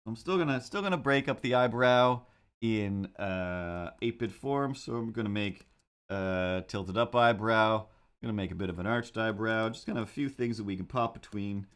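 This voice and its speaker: A man animating on a live stream, chatting casually to viewers in a rambling, easily sidetracked way with excitable asides. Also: lowish voice, moderate pace, clear, resonant tone. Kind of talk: casual livestream chat while animating.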